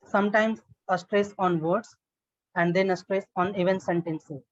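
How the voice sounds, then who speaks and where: A man's voice: high voice, steady tone, measured pace, highs cut off. A man practicing spoken English in an online lesson, talking hesitantly with restarts and "I mean"s. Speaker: English learner. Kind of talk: online one-on-one speaking lesson. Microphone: video call.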